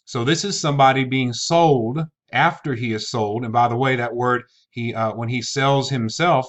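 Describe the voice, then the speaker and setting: A man's voice: medium pitch, a bit bright. A man teaching a scripture lesson in an online video, methodical and posing rhetorical questions as he reads verses aloud. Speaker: Bible teacher.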